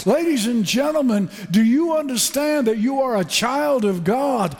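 Male preacher, high-pitched, unhurried, emphatic sermon delivery, long hall reverb. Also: expressive, a little mellow. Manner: fervent, emphatic preaching with repeated phrases.

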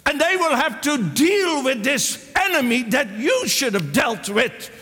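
A man preaching a sermon with passion, breaking into shouts and acting out the people in his story. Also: extremely high pitch, big pitch swings, a little slow. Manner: impassioned, exclaims and voices the characters. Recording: long hall reverb.

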